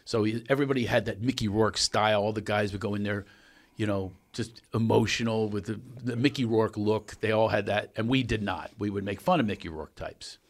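A man hosting a podcast, telling a comic story in a lively way and breaking into laughter. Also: on the low side, brisk. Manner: animated, laughing storyteller doing impressions. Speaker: podcast host.

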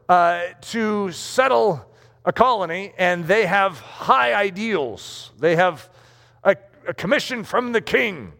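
A man with a high, creaky, fairly bright voice preaches a sermon in a large hall, his words ringing out with long reverb. He speaks emphatically and acts out the voices of the people he quotes.

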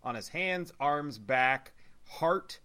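A man with a bright, forward voice chatting casually about a show. He retells scenes with plenty of "like" fillers and laughs often along the way. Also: fairly high pitch, takes it slowly, clean tone. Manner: animated retelling, many "like" fillers, frequent laughter. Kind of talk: casual chat.

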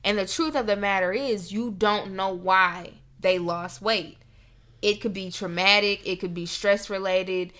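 A woman's voice: mid-range voice, steady tone, unhurried, a bit bright. A young woman hosting a podcast, ranting in a heated, emphatic, profane casual talk. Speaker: podcast host.

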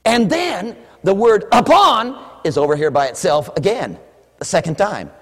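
A male preacher giving an animated sermon in a church, shouting for emphasis and mimicking congregants. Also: high voice, normal speed, breathy edge. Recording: echoey hall with long reverb.

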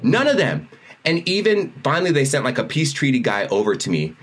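Husky animated male storyteller. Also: medium pitch, a little fast. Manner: animated storyteller who acts out other people's lines. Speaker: podcast co-host. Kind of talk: casual chat, storytelling.

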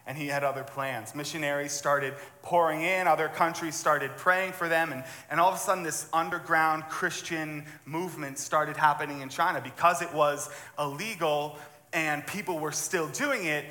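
Earnest male pastor, bright tone, conversational sermon with restarts, roomy echo. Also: fairly high pitch. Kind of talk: sermon with scripture reading. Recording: echoey hall with long reverb.

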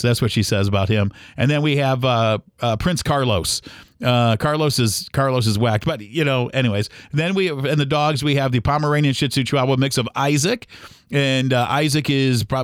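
A man's voice: medium pitch, no room sound. An earnest male podcast host with a mid-range voice talks in a loose, heartfelt monologue, circling back and restarting often. The sound is dry and close, with no room around it. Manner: rambling, earnest, many fillers and restarts; speaks of faith gently and sincerely.

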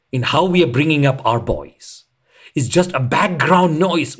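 Husky-voiced man, lively pitch. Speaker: podcast guest, retreat leader. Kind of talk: reflective conversational explanation.

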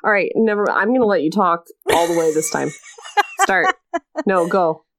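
A woman's voice: fairly low pitch, normal speed, fairly bright tone. A young woman co-hosting a casual chat, frank and chatty, laughing often. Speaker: podcast co-host.

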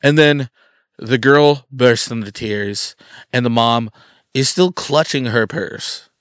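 A man telling a lively story in casual chat, acting out the quotes as he goes. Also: medium pitch, slow pace, clean tone, no echo, clean studio sound. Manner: animated, acts out quotes in his story. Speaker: guest.

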